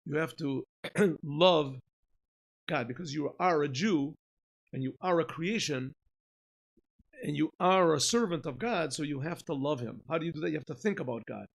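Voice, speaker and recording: A rabbi teaches an informal Torah class, posing questions and answering them himself while often clearing his throat. His voice is slightly high, his speed normal, and he takes long pauses.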